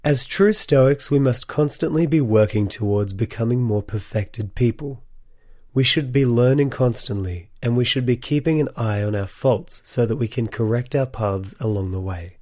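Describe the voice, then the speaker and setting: A man's voice: medium pitch, normal speed, darkish tone, no room sound, studio quality. A man hosting a solo podcast, speaking earnestly and encouragingly to his listeners in a voice still sick from a cold. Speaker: podcast host.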